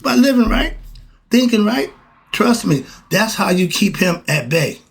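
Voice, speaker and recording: A man's voice: high voice, very animated, measured pace, creaky. A man, delivering a preachy spiritual monologue full of rhetorical questions. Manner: preachy, repetitive, rhetorical questions, chuckles between points. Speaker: channel host.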